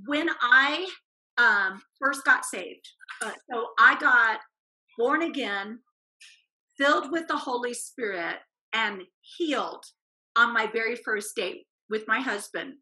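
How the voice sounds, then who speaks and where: A woman telling a personal faith testimony as a guest, animated and acting out the voices in her quotes. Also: a little high, slow, poor audio.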